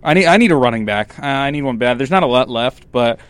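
A man in a casual group chat, speaking haltingly with frequent restarts. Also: medium pitch, expressive, clean tone, no echo.

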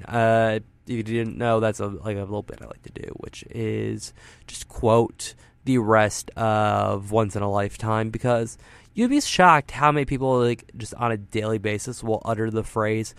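Man, radio host, rambling, self-deprecating, gravelly, dry studio sound. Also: lowish voice, fairly even intonation, normal speed, no echo. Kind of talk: casual on-air talk. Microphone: studio mic, wearing headphones.

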